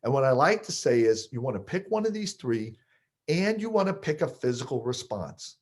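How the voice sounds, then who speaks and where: A man coaching listeners on triggers, explaining with lively stories he partly acts out. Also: mid-range voice, normal speed. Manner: animated storyteller, acts out scenes. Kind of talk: explaining with stories, podcast talk.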